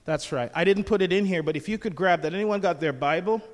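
Jovial older pastor in a hall. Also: male voice, sits high, quick pace. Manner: jovial, conversational, asks the congregation questions. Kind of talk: sermon.

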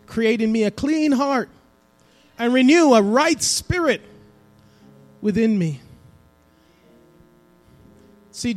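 Man, pastor, high voice, preaching in church, hushed then emphatic, soft music behind. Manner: preaching with swings between hushed and emphatic delivery. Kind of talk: sermon. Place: church sanctuary.

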